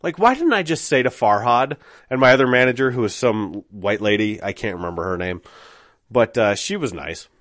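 A man's voice: medium pitch, expressive, moderate pace, a bit bright, dry recording. Brief: casual male storyteller, self-deprecating, filler-heavy, dead dry recording.

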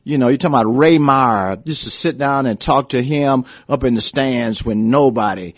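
Casting: older man, ex-coach guest, rambling and repetitive, medium pitch. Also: normal speed, no echo. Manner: rambling anecdotes, frequent restarts and "you know". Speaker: former basketball coach, guest. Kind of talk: casual storytelling interview.

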